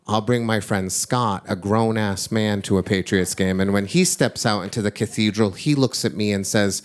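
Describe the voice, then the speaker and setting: Wry low-voiced man telling a live story. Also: a little slow, hardly any pauses. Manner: wry, confessional, shifts from jokey to hushed. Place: live stage before an audience.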